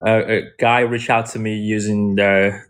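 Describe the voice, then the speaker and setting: A man's voice: on the low side, flat delivery, a little slow, clean tone. A man, a Mandarin speaker, chatting in English on a livestream, hesitant and full of fillers as he explains things. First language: Mandarin Chinese. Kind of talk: casual live-stream chat.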